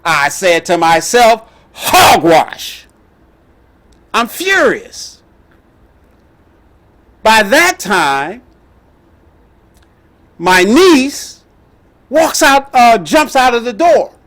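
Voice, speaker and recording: A middle-aged man telling a personal story as the host, animated and emphatic. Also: very high voice, very slow, pauses often. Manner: animated, emphatic, with laughs and outbursts.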